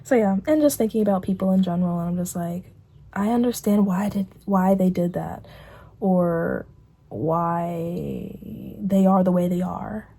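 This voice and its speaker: A woman's voice: lowish voice, measured pace, mellow, husky. A young woman vlogging casually, rambling through a catch-up and quoting herself with put-on voices.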